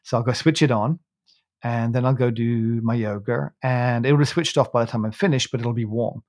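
A man's voice: medium pitch, steady tone, normal speed, darkish tone, no room sound, clean studio sound. Man telling a rambling story. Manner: rambling, many restarts, laughs while telling. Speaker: podcast host. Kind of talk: casual chat, storytelling.

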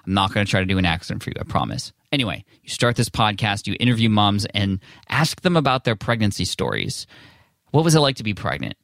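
A man's voice: on the low side, big pitch swings, fast, vocal fry, a bit bright, no room sound, clean studio sound. A man hosting a podcast, reading an ad and introducing a guest in an upbeat, enthusiastic, conversational way. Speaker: podcast host. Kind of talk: casual podcast intro and ad read.

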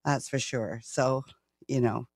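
A woman's voice: extremely low pitch, steady tone, slow, husky, no echo, clean studio sound. A woman in her sixties from Canada, a retired interview guest who talks casually, laughs often and repeats words as she starts her sentences. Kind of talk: casual conversation.

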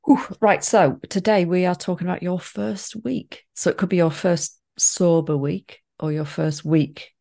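Woman on a podcast, really low voice, teasing and playful. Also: fairly even intonation, measured pace, gravelly, hardly any pauses, dark tone. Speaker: podcast co-host. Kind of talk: casual chat.

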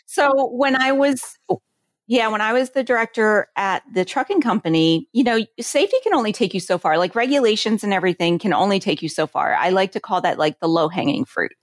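A woman's voice: medium pitch, fairly quick, no echo, clean studio sound. A woman in her forties, a safety consultant telling work stories in a chatty interview, with lots of filler words. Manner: chatty, filler-heavy, animated storytelling. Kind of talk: casual interview conversation.

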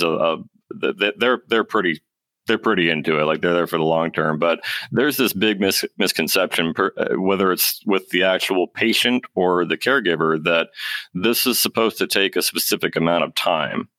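Male podcast host, very low and bright-edged, earnest, plainspoken. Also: no echo. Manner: casual slang. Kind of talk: casual podcast conversation.

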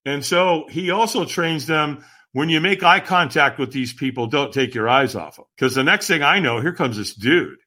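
A man, a podcast guest, telling a personal story in animated conversation, emphatic and acting out what others said. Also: on the high side, moderate pace. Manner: acts out quoted voices, emphatic.

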